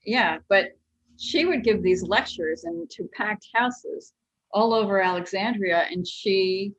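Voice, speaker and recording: A woman cartoonist and author telling stories as an interview guest, animated and chatty. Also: medium pitch, slow pace. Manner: animated storyteller, lots of "like". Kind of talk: casual interview chat.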